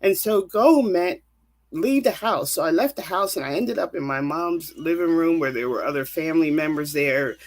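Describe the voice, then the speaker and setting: A woman's voice: low-pitched, expressive, moderate pace, a little hiss or hum. A woman counselor telling a personal faith testimony in an earnest, vivid storytelling manner. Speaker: counselor and guest.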